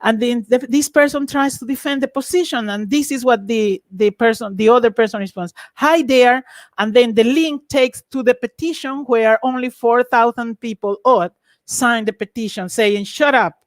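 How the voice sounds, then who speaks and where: Lively woman giving an online lecture. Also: a little high, moderate pace, dry recording. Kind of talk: academic webinar talk.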